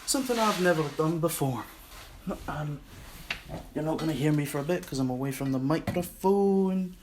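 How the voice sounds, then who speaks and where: A man's voice: on the high side, animated, moderate pace, a little hiss or hum. A man with a Scottish accent hosting his own podcast, rambling and self-mocking in a casual solo monologue. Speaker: podcast host.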